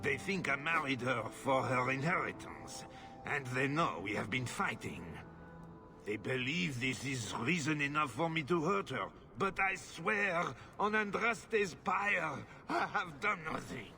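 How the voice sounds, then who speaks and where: An actor playing a brooding, defensive husband whose wife has run off, grumbling and sighing. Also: male voice, fairly high pitch, expressive, a little slow, sharp tone, faint music behind, full character voice. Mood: bitter.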